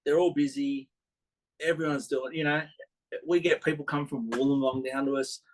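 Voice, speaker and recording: A man's voice: medium pitch, steady tone, moderate pace, rough recording. Aussie tattoo guy rambling in a casual chat, um and like everywhere, dog barking somewhere. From Australia. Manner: rambling, laughing, lots of fillers. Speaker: tattoo artist.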